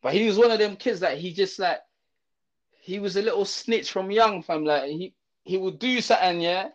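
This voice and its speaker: A young man from Zimbabwe, telling a story in casual chat, slangy and animated, full of fillers and restarts. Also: sits high, normal speed. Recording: dull lo-fi audio.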